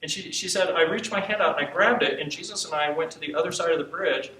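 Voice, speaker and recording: A man preaching, telling a personal story with animated quotes and frequent laughs. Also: a little high, fast. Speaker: preacher teaching on intercession. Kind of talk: sermon storytelling. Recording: echoey hall from far off, faint hiss.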